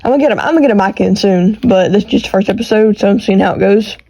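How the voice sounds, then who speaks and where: A woman with a thick Texas country accent hosting her own podcast from her bedroom, talking quickly and rambling with restarts, recorded on earbuds and a phone. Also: mid-range voice, warm tone, poor audio. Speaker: podcast host. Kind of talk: casual solo podcast chat. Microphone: AirPods with iPhone recording.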